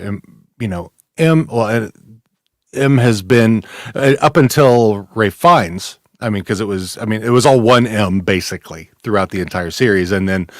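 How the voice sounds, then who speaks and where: A man's voice: lowish voice, no room sound. Podcast host guy, rambly and chuckly, lots of uh and i mean, dry mic. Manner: halting, many fillers and restarts; laughs often. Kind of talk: casual podcast chat.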